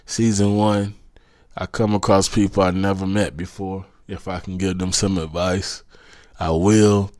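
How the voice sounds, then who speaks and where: A man's voice: sits low, little pitch movement, unhurried, darkish tone, dry recording, studio quality. A man from South Carolina with a Southern accent, hosting a podcast and giving a preachy, motivational monologue that keeps repeating its urgings. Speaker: podcast host.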